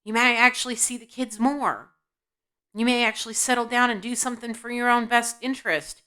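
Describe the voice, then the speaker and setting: She speaks briskly in a higher, steady voice that's bright, forceful and smooth. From indoors at home, this intuitive reader gives a tarot-style reading to camera, scolding bluntly while asking her guides questions she answers herself.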